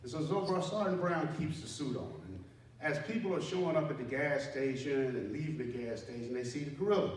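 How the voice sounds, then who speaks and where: A man, once an army sergeant, tells a story from his own life in an easy, wry, self-mocking way. He sits at a middling pitch for a man. He is heard from well off-mic in a strongly echoing room, with faint background noise. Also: expressive, a little fast, distant mic. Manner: conversational, self-deprecating, acts out panicked dialogue with sharp rises. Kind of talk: live personal storytelling. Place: indoor room at a community center.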